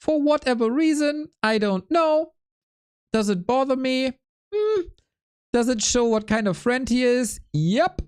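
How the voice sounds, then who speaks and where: A woman hosting a game stream talks slowly, with a lively rise and fall in her voice. She is laid-back and self-mocking, and laughs easily between remarks. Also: sits high, clean tone. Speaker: esports caster. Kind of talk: casual stream chat.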